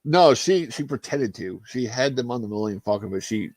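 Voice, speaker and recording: Animated swearing man on a livestream. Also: medium pitch, fairly quick, a crowd in the background. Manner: animated, swearing, laughing, acting out movie scenes. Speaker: streamer. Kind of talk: casual chat on a livestream.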